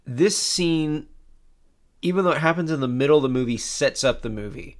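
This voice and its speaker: A man chats casually as a podcast co-host, walking through a movie scene. He talks in an animated, rambling way, jumping up in pitch for emphasis and restarting his sentences. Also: moderate pace. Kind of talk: casual chat.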